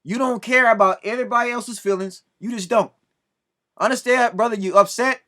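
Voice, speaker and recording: A man's voice: very high voice, moderate pace, sharp tone. A man ranting in commentary, scolding and preaching with lots of repetition. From Southern California. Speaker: video commentator.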